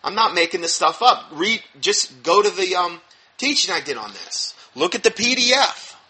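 A man preaching in an emphatic, animated teaching style, stressing points sharply and dropping into low mumbled asides. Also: normal speed. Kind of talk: sermon-style teaching talk.

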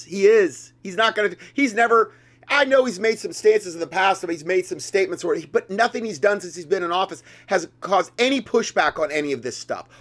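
A man's voice: high voice, a bit bright. A man commenting on a news clip in an indignant, casual way, repeating himself and speaking to his viewers. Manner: indignant, repetitive, addresses viewers as guys.

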